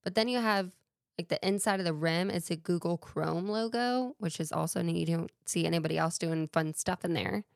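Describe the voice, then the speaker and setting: A woman's voice: on the low side, brisk, creaky, no echo, studio quality. A woman hosting a casual solo talk show with a playful, chatty way of wandering into tangents. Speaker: podcast host.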